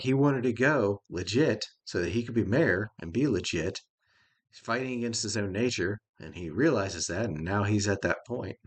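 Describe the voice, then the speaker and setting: A middle-aged man giving a casual, rambling spoken review of a show, folksy and chuckling often. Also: on the low side.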